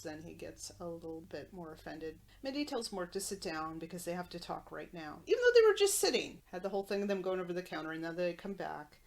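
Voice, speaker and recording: Woman podcaster summing up an old tv episode, kinda lowish voice, dry wry take. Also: a little hiss or hum. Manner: wry, analytical recap. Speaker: podcast host. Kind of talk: recapping an episode with commentary.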